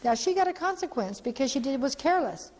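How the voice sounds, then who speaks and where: Quick-paced and high-pitched, this woman, a founder and parent trainer, gives an emotional, lively training talk in which she acts out the quotes in her story. The sound is echoey, as in a hall.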